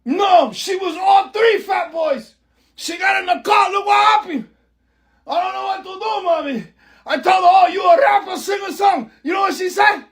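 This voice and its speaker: A man shouting as a frantic Bronx cab driver. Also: very high voice, normal speed, creaky, exaggerated voice. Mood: ranting. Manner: shouting, ranting into a phone, slips into Spanish words. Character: frantic middle-aged Bronx rideshare driver man, hot-tempered. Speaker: comedy skit character.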